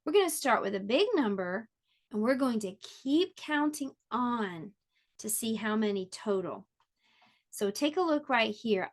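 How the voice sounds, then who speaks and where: Slow, gentle preschool teacher woman. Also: mid-range voice. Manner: slow, gentle, encouraging, sounding words out clearly. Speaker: pre-K teacher. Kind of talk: online preschool lesson.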